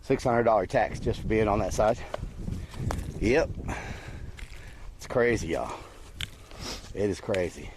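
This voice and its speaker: A man's voice: lowish voice, expressive, slow pace, pauses often, background noise. A man streaming live outdoors near water, chatting casually with his viewers.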